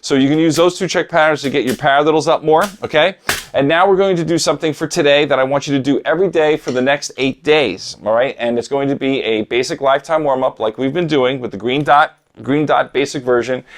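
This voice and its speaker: A middle-aged man teaching drum rudiments, talking straight to his students in a direct coaching manner and counting out patterns. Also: medium pitch. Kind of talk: instructional talk to camera.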